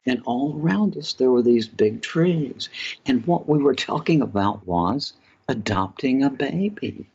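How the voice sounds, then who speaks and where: A middle-aged man recounting personal stories in an interview, reflective and halting, with fillers. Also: on the low side. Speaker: author and filmmaker guest. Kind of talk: storytelling in an interview. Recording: dull lo-fi sound with music underneath. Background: music.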